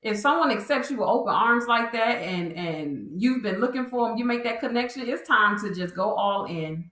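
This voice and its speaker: A woman hosts an interview in a bright, forceful, fairly high voice. She asks long probing questions and offers encouragement. Her voice carries a noticeable room echo. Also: expressive, moderate pace. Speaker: host.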